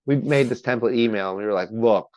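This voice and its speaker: A man's voice: mid-range voice, quick pace, a little mellow, no room sound, low-quality recording. Profane storytelling man, dry sound. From Maryland, US. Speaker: podcast guest. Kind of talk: casual chat.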